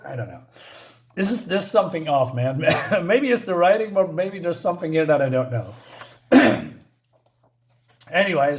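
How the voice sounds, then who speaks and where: Hesitant man reviewing a comic. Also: sits high. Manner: hesitant, stumbling over words, chuckling often. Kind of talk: casual spoken review.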